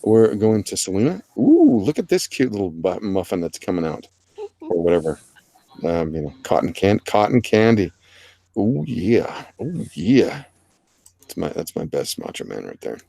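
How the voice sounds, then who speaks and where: A man's voice: deep voice, big pitch swings, normal speed, vocal fry, dark tone, dry recording. A man hosting a casual art livestream, rambling and joking about the chat and the artists. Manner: joking, rambling, self-deprecating. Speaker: livestream host.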